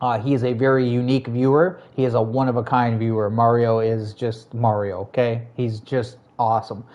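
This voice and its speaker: A man's voice: mid-range voice, flat delivery, normal speed, darkish tone, highs cut off. A man streaming a video game, chatting casually with his viewers, greeting them and answering their messages with frequent laughs. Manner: chatty, laid-back, greets and answers chat, laughs often. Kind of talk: casual live-stream chat while gaming.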